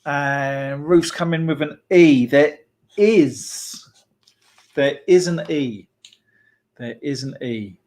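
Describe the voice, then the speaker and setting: A man's voice: fairly high pitch, takes it slowly, long pauses, a little mellow. A man hosting a children's church club online, chatty and playful, laughing often and filling gaps with ums.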